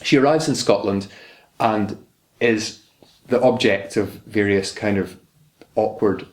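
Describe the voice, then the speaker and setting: A young man, a doctoral researcher, talks about literature in an academic interview, sometimes reading passages aloud. His voice is fairly low, slow and a little mellow, and he comes across as thoughtful and hesitant, often restarting his sentences. The recording has a roomy echo.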